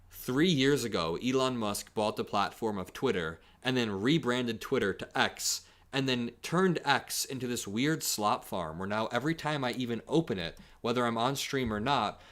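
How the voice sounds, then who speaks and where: A man hosting a livestream, reacting to clips and posts in an energetic, joking way and laughing often. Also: medium pitch. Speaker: political commentary streamer.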